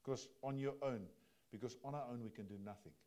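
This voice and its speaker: A man preaching a sermon from the pulpit in a mid-pitched voice. He talks to the congregation plainly and directly, swinging between soft, low asides and loud, emphatic stretches. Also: brisk. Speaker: pastor.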